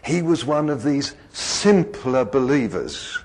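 Slow husky-voiced man preaching. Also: medium pitch, very animated. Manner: conversational, digressive, asks the congregation questions. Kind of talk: sermon.

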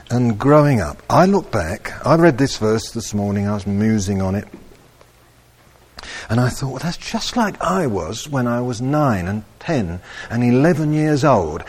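Man, preacher, sermon, slow delivery, emphatic peaks. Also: mid-range voice, breathy edge. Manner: slow, animated, rising to loud emphatic peaks.

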